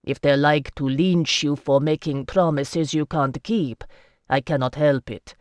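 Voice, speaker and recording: A tired merchant nobleman speaks slowly and evenly, keeping his patience in a tense family dispute, as the narrator reads him. The voice sits at a middling pitch in a dry, close recording. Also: steady tone, clear, resonant tone, no room sound, lightly acted. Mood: weary. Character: weary male merchant noble, reasonable.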